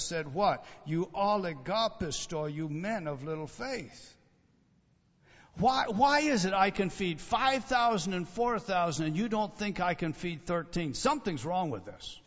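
A man preaches with theatrical swings, building up on the story and then sinking to a near-whisper for emphasis. His voice sits a little high. The sound is dull and carries a long reverb, like a big church hall. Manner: dramatic, drops to a hushed low voice for emphasis. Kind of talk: sermon.

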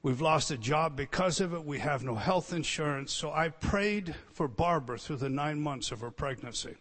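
A man preaching a sermon, swinging between loud emphatic teaching and quiet storytelling. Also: on the high side, lively intonation, normal speed. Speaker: pastor. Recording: long reverb hall.

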